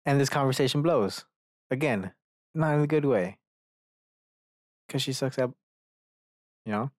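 In clean, echo-free studio sound, a solo podcaster with a mid-range voice talks at an unhurried pace. He wanders from point to point, curses liberally, and drops in asides that mock himself.

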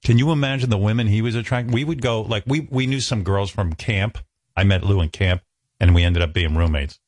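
A man's voice: fairly low pitch, fairly quick, no echo. A man hosting a radio talk show, telling self-mocking comic stories and acting out other people's lines. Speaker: radio host. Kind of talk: comic storytelling chat.

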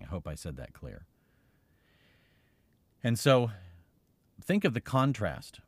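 Deep-voiced man giving a motivational talk. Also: sing-song, takes it slowly, long pauses, husky, no room sound. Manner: earnest, rambling with restarts. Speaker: podcast host. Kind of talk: motivational podcast monologue.

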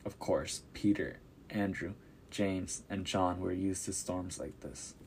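A man reading a Bible story aloud as a podcast narrator, measured and descriptive. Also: deep voice, steady tone, creaky, darkish tone, slight background noise.

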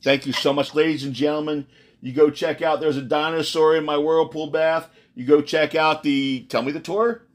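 A man's voice: fairly high pitch, level tone, normal speed. A man with a slight Southern drawl hosting an interview podcast, effusive and playful, often repeating words as he talks. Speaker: podcast host. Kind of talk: casual interview chat.

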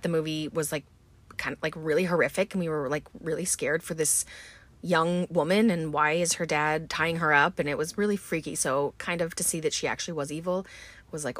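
A woman's voice: sits low, a bit bright, no room sound. A woman hosting a podcast who recaps a film in a chatty, casual way, recording on a boat and filling her talk with um and like. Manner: chatty, many fillers like um and like. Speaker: podcast host.

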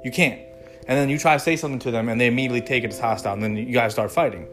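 A young man in his twenties talks loosely to camera, circling his point with fillers and restarts. His voice sits at an ordinary middle pitch. A little guitar music plays faintly underneath. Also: fairly even intonation, racing, fairly bright tone. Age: 20s. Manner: rambling, conversational, many fillers and restarts. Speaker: vlogger. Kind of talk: casual talking-to-camera monologue.

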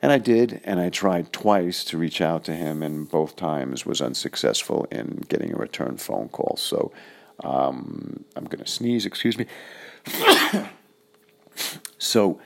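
A middle-aged man recalling an old friend in a casual, halting, reflective way with many pauses. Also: rumbling low, big pitch swings, vocal fry. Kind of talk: casual personal recollection.

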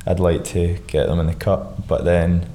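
Very deep-voiced Scottish man. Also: little pitch movement, normal speed, mellow, slight background noise. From Scotland. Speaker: professional footballer guest. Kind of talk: casual interview answers.

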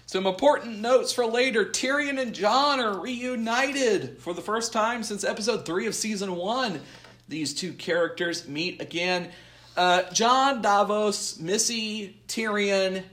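A man co-hosting a podcast, recapping an episode from his notes in a halting way with many fillers. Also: a little high, fairly bright tone. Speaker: podcast co-host.

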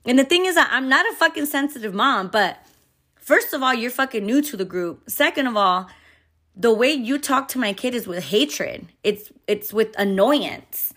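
A woman's voice: on the high side, expressive, normal speed, fairly bright tone. A mother telling a heated story in a candid storytime vlog, full of profanity and filler words.

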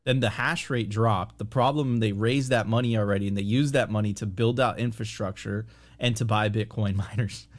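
A man's voice: fairly low pitch, steady tone, moderate pace. A man co-hosting a casual finance chat, reading news aloud and laughing in disbelief. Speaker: co-host.

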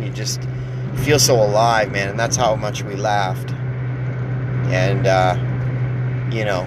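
A man's voice: medium pitch, noisy background. A man hosting a podcast who tells a long story in a casual, rambling way, full of fillers and laughs. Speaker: podcast host.

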